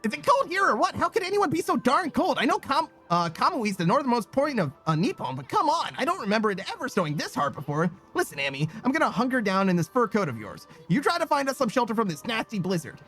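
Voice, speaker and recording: A man voicing a tiny, bossy, chatty male sidekick in a game, reading his lines in a high, brash voice. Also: very animated, fast, hardly any pauses, a bit bright, faint music behind, full character voice. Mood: griping.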